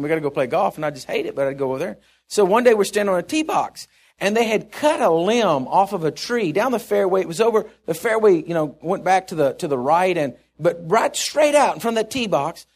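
Chuckling, rambling preacher man with a high voice. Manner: storytelling, rambling with restarts, chuckling. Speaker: pastor. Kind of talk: sermon.

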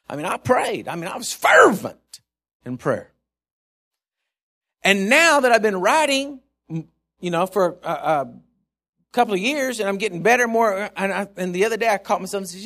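Animated high-voiced male preacher. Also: moderate pace. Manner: animated, emphatic and conversational. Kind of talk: sermon.

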